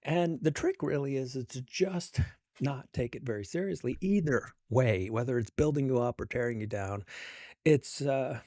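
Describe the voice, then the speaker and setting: A middle-aged man talks as an interview guest in a relaxed, chatty way. He fills his talk with "you know" and "uh", and he often chuckles at his own stories. His voice is mellow and dark, recorded dry and close. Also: medium pitch, normal speed, no room sound. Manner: chatty and self-amused, many fillers. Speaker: author and guest. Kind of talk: casual interview conversation.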